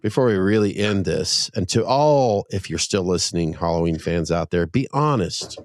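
A man's voice: low-pitched, lively intonation, moderate pace, dry recording, clean studio sound. A middle-aged man hosting a podcast, chatting casually and swearing now and then, then reading the show's outro plug. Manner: laid-back, swears, reads outro plug. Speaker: podcast host. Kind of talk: casual chat.

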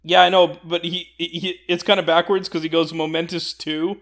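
A man's voice: a little high, flat delivery, moderate pace, a bit bright. A man co-hosting a podcast, casually and enthusiastically breaking down tabletop game rules, laughing often. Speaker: podcast co-host.

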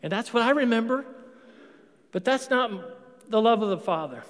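High-voiced middle-aged man preaching in a hall. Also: expressive, normal speed. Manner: conversational, storytelling, with emphatic punches. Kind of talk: sermon. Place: church sanctuary. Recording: long reverb of a large hall.

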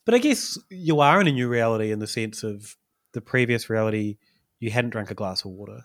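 A man's voice: on the low side, lively intonation, a little fast, dry recording. Rambling man, dry close mic. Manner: rambling storytelling with many fillers. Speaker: podcast co-host. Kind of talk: casual chat.

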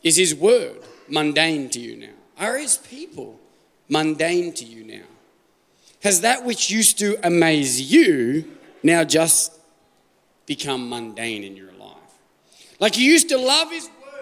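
A man's voice: sits high, fairly bright tone. A man with an Australian accent preaching a sermon to a live congregation as pastor, joking and putting questions to the room. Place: church hall. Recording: live church hall reverb.

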